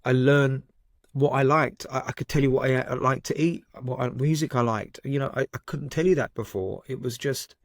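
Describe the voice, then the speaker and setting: A man's voice: mid-range voice, moderate pace, no echo, clean studio sound. Man from Southend telling stories candidly. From Southend, England. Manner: lively storytelling, frequent swearing and "right?" tags. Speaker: guest psychotherapist. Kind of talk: candid podcast conversation.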